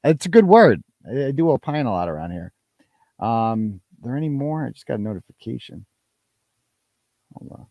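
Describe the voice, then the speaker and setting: Lively, joking male live-stream host. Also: mid-range voice, normal speed, long pauses, dry recording, highs cut off. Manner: loose, joking, crude asides. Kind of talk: casual live-stream chat reading donations.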